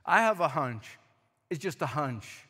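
A man's voice: fairly high pitch, very animated, unhurried, bright, forceful tone, husky. A man preaching a sermon, emphatic, repeating points for stress and asking his listeners questions. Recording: echoey hall with long reverb.

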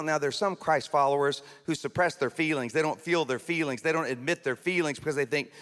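A male pastor delivers a sermon in a slightly high voice, talking to the congregation in an animated, conversational way with playful asides. His voice rings out with a long reverb tail, as if heard in a large church sanctuary. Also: fairly quick, few pauses.

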